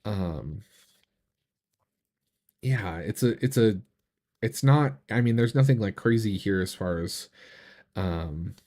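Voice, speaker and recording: A man hosting a casual live stream, chatting in a relaxed, rambling way with many fillers and restarts, enthusiastic about what he shows. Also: on the low side, slow, long pauses. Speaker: tarot reader and channel host.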